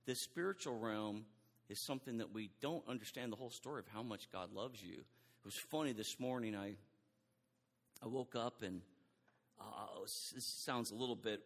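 A middle-aged man preaching a sermon in an animated way, acting out quoted dialogue and often restarting his sentences. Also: mid-range voice, in a large hall.

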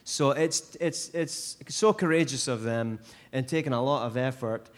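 A man's voice: mid-range voice, measured pace. A man with a Scottish accent giving a missions report to a church, talking in an earnest, rambling way with many fillers.

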